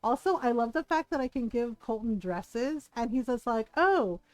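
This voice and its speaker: Woman streamer: casual, animated and quick to laugh, with a slightly high voice. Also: no room sound, low-quality recording. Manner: animated, laughs often, swears freely. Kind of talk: casual gaming stream chat.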